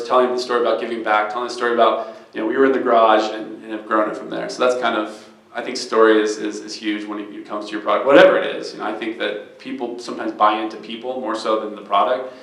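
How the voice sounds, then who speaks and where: A man who founded a startup talks to an event audience in an earnest, storytelling way. His pitch sits in the middle. His voice bounces around an echoey room. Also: vocal fry, fairly bright tone. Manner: earnest and storytelling, gets choked up, many restarts. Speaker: startup founder speaking on stage. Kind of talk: live fireside chat.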